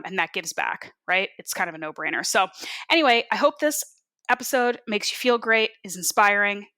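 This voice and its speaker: A woman's voice: lowish voice, bright, forceful tone, clear, resonant tone. A woman hosting a podcast, chatting casually and upbeat with plenty of fillers. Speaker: podcast host.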